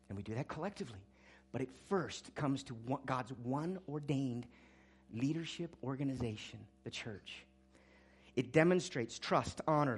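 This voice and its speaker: A man preaching a sermon as pastor, swinging between quiet, low asides and loud, urgent exclamations. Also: breathy edge.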